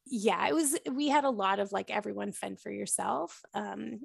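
A woman's voice: mid-range voice, moderate pace, gravelly, slightly rough, no room sound, clean studio sound. A woman in her forties, from Canada, telling stories on a podcast in a chatty way with many fillers and frequent laughs. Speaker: podcast host being interviewed. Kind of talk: casual storytelling chat.

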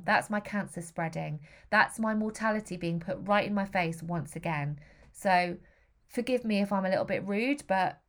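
A woman in her thirties speaking straight to camera about her own experience. Her pitch sits in a middling range, and her delivery is candid, heartfelt and unfiltered, with blunt swearing now and then. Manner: frank and emotional, with blunt swearing. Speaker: vlogger. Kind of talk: candid personal storytelling.

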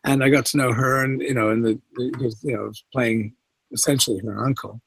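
A man's voice: medium pitch, fairly even intonation, normal speed, vocal fry, fairly bright tone, husky, rough recording. A middle-aged man from Canada with a faint English inflection in his speech, chatting loosely as an interview guest and often restarting his sentences. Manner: rambling, many restarts and asides. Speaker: guest actor. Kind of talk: casual interview chat.

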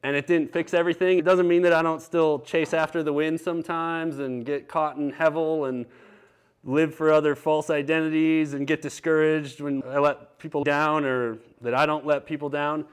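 A man's voice: a little high, flat delivery, moderate pace, clear, resonant tone. Man preaching a candid sermon. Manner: candid, conversational storytelling. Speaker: pastor. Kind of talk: sermon with personal story.

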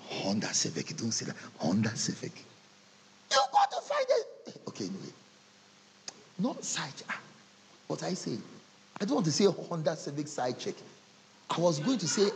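A man preaching a humorous sermon, telling animated stories and acting out conversations. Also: high-pitched, gravelly, slightly rough. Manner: animated storytelling, acting out dialogues with laughter.

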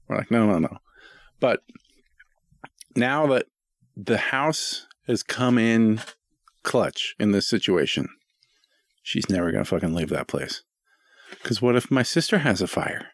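A man's voice: lowish voice, expressive, unhurried, long pauses, dry recording, clean studio sound. A man in his thirties co-hosting a podcast, chatting casually with jokes and frequent swearing. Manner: joking, profane, playful. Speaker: podcast co-host. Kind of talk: casual comedic chat.

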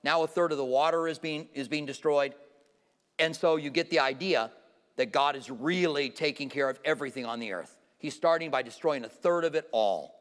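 Male Bible teacher, higher-pitched, casual sermon delivery with audience questions, long hall reverb. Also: moderate pace, fairly bright tone. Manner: informal, questions the audience directly. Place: church hall with a live audience.

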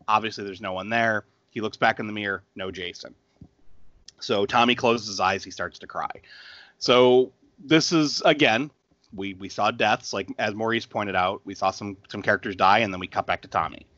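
A man's voice: fairly low pitch, moderate pace, sharp tone, dry recording, dull audio. A man in his thirties casually recapping a film scene by scene, laughing and acting out the characters' lines. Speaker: podcast co-host. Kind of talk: casual movie recap chat.

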